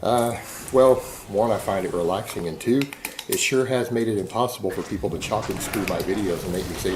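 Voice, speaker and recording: A man's voice: fairly low pitch, brisk. Blunt Texan man over background noise. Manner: blunt, defiant, talks while hand-loading ammo. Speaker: vlogger. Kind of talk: casual rambling monologue.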